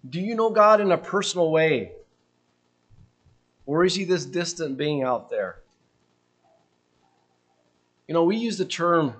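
A man preaching a sermon, earnest and questioning, letting his voice drop softly at the ends of phrases. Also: on the high side, slightly rough.

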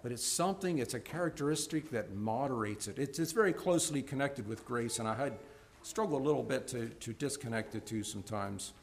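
Preaching before a congregation, this man moves briskly, with vocal fry and a faint hiss or hum in the recording. His delivery surges into loud emphasis and drops to soft, low stretches, and he often restarts by repeating words.

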